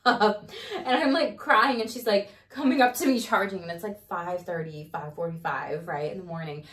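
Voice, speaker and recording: A woman in her thirties telling a story in casual chat, animated, swearing freely and laughing as she goes. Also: medium pitch, moderate pace. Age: 30s. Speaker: podcast host. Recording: roomy, distant mic.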